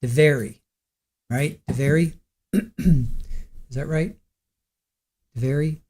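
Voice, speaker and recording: A man hosts a live stream of a court trial, talking casually off the cuff. He rambles and repeats himself as he works things out aloud. His voice sits slightly higher than most men's. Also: extremely slow, warm tone, slightly rough. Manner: rambling, repeats a name to practice it.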